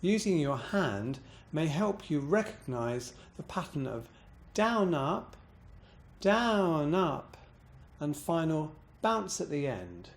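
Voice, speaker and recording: Slow, higher-pitched male voice coach. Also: very animated. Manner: slow, clear, demonstrates pitch bounces on words. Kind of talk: instructional voice exercise demo.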